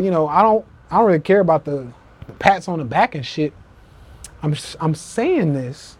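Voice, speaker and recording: A man with a high voice hosts a live social media rant podcast through a phone mic, with no room sound. He is emphatic, profane, and repetitive, acting out quotes animatedly.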